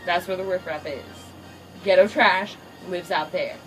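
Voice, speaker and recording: A woman voicing a stern, overprotective lion king father who talks gruff, bossy and crude. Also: lowish voice, a little slow, fairly bright tone, soft background music, voice pushed down, low-quality recording.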